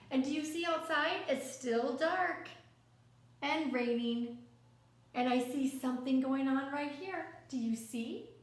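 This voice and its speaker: High soft-spoken woman reading a kids picture book, slow and gentle, asks lots of questions, super echoey room. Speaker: storyteller.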